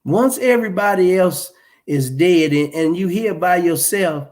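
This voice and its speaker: A man's voice: sits high, animated, a little slow, darkish tone. A man giving casual spoken commentary, rambling and emphatic, with many restarts, fillers and pointed rhetorical questions. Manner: rhetorical questions, wry laughs. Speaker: live show commentator.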